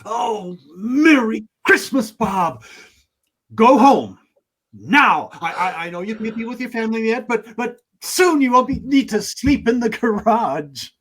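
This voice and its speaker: An actor playing a reformed old miser, Scrooge, who stammers, giggles and gets emotional in a comic holiday play. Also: male voice, extremely high pitch, lively intonation, normal speed, a bit bright, exaggerated voice, low-quality recording. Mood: tearful joy.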